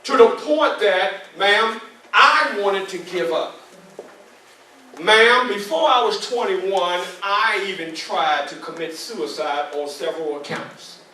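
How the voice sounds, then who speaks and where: Speaking slowly in a high, pushed, bright voice, a motivational speaker in his sixties from New York talks straight to his audience, repeating himself like a preacher. A distant mic captures him in an echoey club meeting hall, with a little hiss or hum.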